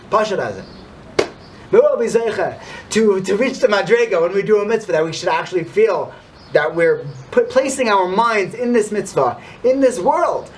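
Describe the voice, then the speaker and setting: A man telling an inspirational story and drawing a religious lesson, swinging from hushed to emphatic. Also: high voice, a little hiss or hum. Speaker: storyteller and teacher.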